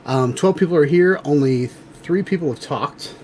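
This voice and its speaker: A man's voice: fairly high pitch, normal speed, a little mellow, a little hiss or hum. A man hosting a casual livestream show, chatty and rambling with lots of fillers. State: out of breath. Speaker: livestream host.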